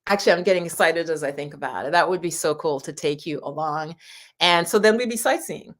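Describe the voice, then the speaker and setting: A woman's voice: sits low, brisk. A woman hosting a live stream for her channel, chatting casually with viewers in a rambling, laughing way. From United States. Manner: chatty and warm, with frequent laughs and rambling asides. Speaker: YouTube channel host.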